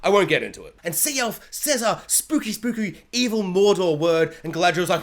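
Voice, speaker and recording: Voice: mid-range voice, a little fast, hardly any pauses. Aussie reviewer ranting about a tv finale, jokey, keeps slipping into goofy character voices. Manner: animated and jokey, acting out characters in silly voices. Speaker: TV show reviewer. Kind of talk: comedic spoiler review rant.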